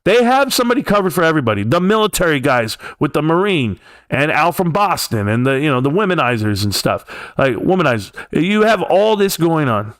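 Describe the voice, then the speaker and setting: A man's voice: fairly high pitch, sing-song, brisk, a bit bright, dry recording, clean studio sound. A man with a California accent hosting a livestream, ranting heatedly and profanely in a rambling way. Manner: heated, profane, rambling rant with mocking quoted voices. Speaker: livestream host.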